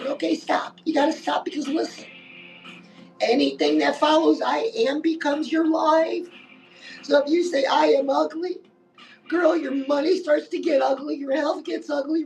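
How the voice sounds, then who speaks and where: A woman's voice: sits high, fairly even intonation, measured pace, creaky, a little mellow, far from the mic, soft background music, poor audio. A woman giving a chatty live-stream pep talk as a life coach, keeps calling the listener "girl" and saying "listen".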